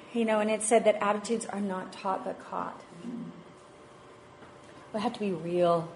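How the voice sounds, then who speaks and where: A woman's voice: medium pitch, slow pace, long pauses, darkish tone, slight background noise. A woman in her thirties, a mother of five, giving a chatty, self-mocking talk on parenting and faith to a church group, laughing often. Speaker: speaker at a parenting session.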